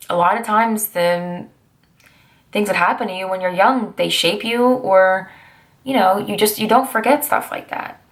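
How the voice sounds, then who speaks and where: A woman in her twenties talking through personal memories in a chatty, rambling vlog, breaking into sassy asides along the way. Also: medium pitch. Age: 20s. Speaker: vlogger.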